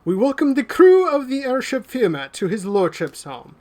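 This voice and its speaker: A man's voice: extremely high pitch, sing-song, moderate pace, darkish tone, voice pushed up. A man doing a stiff, formal butler. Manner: stiff, ceremonious. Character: formal male butler announcing guests.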